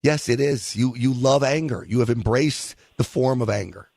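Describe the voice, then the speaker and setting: A man's voice: medium pitch, moderate pace, gravelly, darkish tone, no echo, studio quality. A man hosting a call-in talk radio show, teasing his callers in a jokey way and laughing often. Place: radio studio. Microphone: studio microphone.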